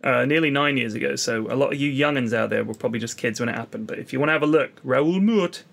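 A man's voice: medium pitch, quick pace, creaky, a bit bright. A man co-hosting a podcast, telling jokey stories in casual, sweary banter. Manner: joking storyteller, swears freely. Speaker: podcast co-host.

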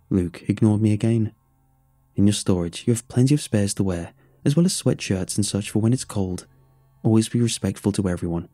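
A man reading a first-person story aloud and voicing its dialogue in a plain, low-key way. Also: brisk, warm tone, no echo, faint music behind. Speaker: narrator.

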